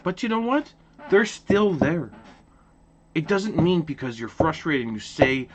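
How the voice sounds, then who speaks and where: Male vlog host from Ottawa, heated rant, swooping pitch, slightly muffled audio. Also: moderate pace. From Ottawa, Canada. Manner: passionate, repetitive restarts, animated. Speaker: hockey channel host. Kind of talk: casual opinion rant to camera.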